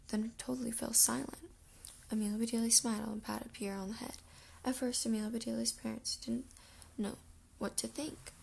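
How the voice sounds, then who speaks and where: A woman reading a children's chapter book aloud in a soft, half-whispered way, her voice gravelly and rough from the early morning. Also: fairly high pitch. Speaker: audiobook reader.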